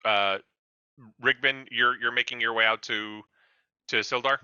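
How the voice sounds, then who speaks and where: A man's voice: medium pitch, fairly even intonation, measured pace, bright, forceful tone, clean tone, dry recording, dull audio. A man narrating as game master of a tabletop game, rambling along with many fillers and restarts.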